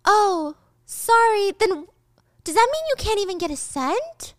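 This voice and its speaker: Lady doing a girl acting clueless, light high voice, asking dumb questions. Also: big pitch swings, a little slow, no echo, studio quality, full character voice. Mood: mock innocent. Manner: feigned naive questioning. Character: young woman playing dumb, mock-innocent.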